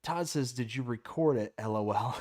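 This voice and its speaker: A man's voice: medium pitch, normal speed, a little mellow. A man hosting a live stream in casual chat, reading viewer comments aloud and laughing easily. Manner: easygoing, laughs often, reads chat aloud.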